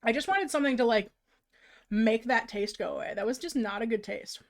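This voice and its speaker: A woman streamer chatting casually while she draws, bubbly and quick to laugh. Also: fairly high pitch. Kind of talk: casual livestream chat.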